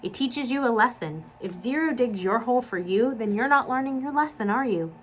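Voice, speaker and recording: A woman's voice: a little high, expressive, a little fast, a little hiss or hum, voice pushed up, close to an everyday voice. A woman voicing a stern, cold female warden of a boys' camp, clipped and commanding. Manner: clipped, commanding and coolly menacing.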